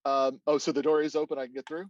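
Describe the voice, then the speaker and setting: A man's voice: a little high, level tone, fast, no echo, distant mic, highs cut off. A man playing a tabletop game, talking in an easygoing, somewhat hesitant way. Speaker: player.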